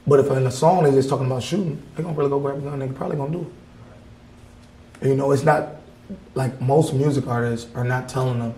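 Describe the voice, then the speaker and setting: A man's voice: mid-range voice, fairly even intonation, fast, dark tone, echoey room, slight background noise, rough recording. A male artist from Wisconsin talking in a casual interview in an art gallery, blunt and heated, swearing freely. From Wisconsin, USA. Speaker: artist guest.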